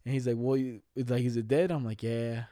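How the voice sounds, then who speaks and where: A young man with a very dark, mellow voice spins stories in laid-back chat, full of slang and swearing. He laughs through his lines. The room is dry and close. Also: medium pitch, fairly even intonation, brisk, no room sound. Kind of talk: casual chat.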